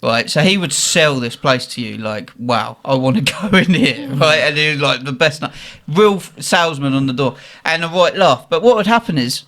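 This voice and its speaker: Male podcast host, slightly high voice, animated storyteller doing voices. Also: normal speed, hardly any pauses. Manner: animated, acts out quotes in voices. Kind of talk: casual storytelling chat.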